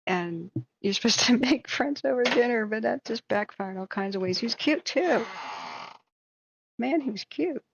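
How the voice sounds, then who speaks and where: A woman's voice: a little high, animated, normal speed, creaky, lo-fi sound, background noise. A woman host on a live stream, telling a long self-deprecating story in a rambling way with many fillers. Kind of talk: casual storytelling.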